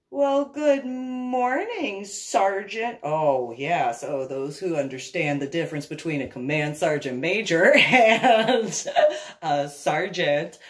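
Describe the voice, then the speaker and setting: A woman and army veteran telling a story in a casual way, laughing often and acting out every voice. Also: deep voice.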